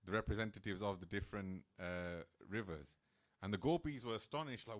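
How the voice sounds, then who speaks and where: A man's voice: lowish voice, fairly quick. A man speaking as a temple speaker, telling a sacred story in a casual, chatty sermon style. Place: temple hall.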